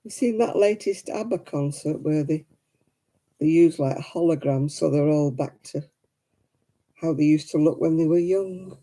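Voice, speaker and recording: A woman's voice: deep voice, unhurried, warm tone. A woman hosting a casual crafting livestream, sleepy and yawning, chatting with viewers and laughing often. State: drowsy and yawning.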